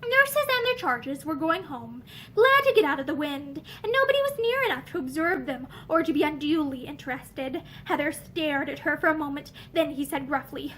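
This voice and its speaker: Woman, reading a novel aloud, expressive narration, high voice, lively swinging intonation. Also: normal speed. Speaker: audiobook reader.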